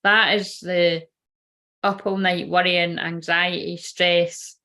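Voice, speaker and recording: A woman's voice: lowish voice, little pitch movement, slow pace, bright, forceful tone. A woman, a tarot reader and medium giving a casual, rambling live-stream reading and swearing now and then.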